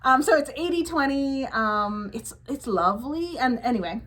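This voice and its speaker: A woman's voice: high-pitched, animated, normal speed, background noise. A woman co-hosting a knitting podcast, talking in a playful, rambling way. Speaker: podcast co-host. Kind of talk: casual chat.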